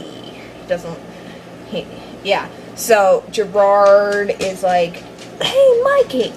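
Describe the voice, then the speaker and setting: A woman's voice: mid-range voice, rough recording. Young woman, bubbly, rambling, hyper, casual review, faint hiss behind. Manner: bubbly, rambling, fangirling, lots of fillers and restarts. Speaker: fanfiction reviewer.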